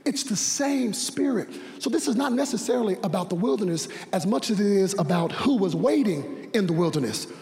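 A young man preaching a sermon, animated, asking rhetorical questions, shouting at the peaks and dropping quiet in between. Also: sits high, fairly quick, few pauses. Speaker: pastor. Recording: long reverb of a large hall.

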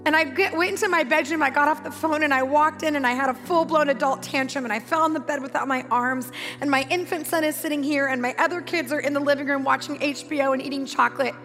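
High, gravelly woman preaching in a hall. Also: fairly even intonation, fast talker, few pauses, fairly bright tone. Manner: emphatic, conversational storytelling with repeated phrases. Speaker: pastor. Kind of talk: sermon with personal storytelling. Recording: long hall reverb with music behind.

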